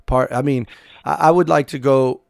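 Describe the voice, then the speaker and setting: A man co-hosting a casual chat, gravelly and halting, often restarting his sentences in a jokey way. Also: medium pitch, fairly even intonation, no room sound, clean studio sound. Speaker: podcast co-host.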